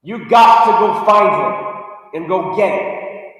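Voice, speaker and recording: A man hosts a live sports talk show in a high, fired-up voice, pushing his points hard and breaking into shouts. He sits well back from the mic in a very echoey room with a long reverb tail. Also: slow pace, distant mic. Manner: emphatic, fired-up, shouts at times. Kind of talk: live sports talk rant reading viewer comments.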